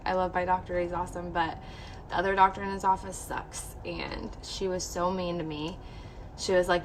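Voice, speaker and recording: A woman's voice: fairly low pitch, a little fast, slight background noise. A young woman vlogger candidly telling a personal story to her viewers, emotional and full of "like". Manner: candid, emotional, heavy use of "like".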